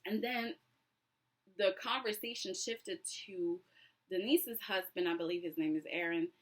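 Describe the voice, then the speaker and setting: A woman chatting casually through a reality TV recap, animated and sassy, acting out what people said. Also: medium pitch, unhurried. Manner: chatty and animated, acts out quotes with sassy asides.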